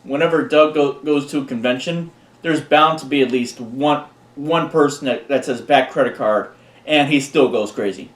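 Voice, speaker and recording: A man's voice: mid-range voice, normal speed. A man casually presenting a countdown of favorite videos, rambling and often restarting his words. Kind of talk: casual unscripted commentary. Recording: echoey room.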